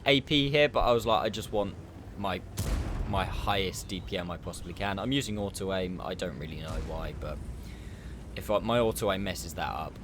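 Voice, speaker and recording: A man's voice: low voice, moderate pace, background noise. A man giving chatty, upbeat and self-mocking commentary over his own game footage as a gaming YouTuber. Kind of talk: gameplay commentary.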